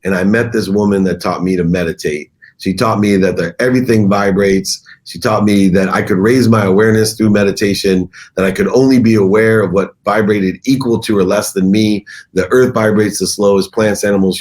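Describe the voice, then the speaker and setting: A middle-aged man appears as a guest on an interview show, recounting his story conversationally with an emphatic, animated delivery. His voice is lowish and his speed normal.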